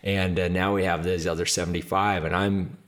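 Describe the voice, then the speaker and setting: A man's voice: deep voice, little pitch movement, fairly quick, fairly bright tone. A man hosting a podcast and telling a personal story in an earnest, conversational way, with frequent "like" fillers. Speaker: podcast host. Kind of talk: casual storytelling.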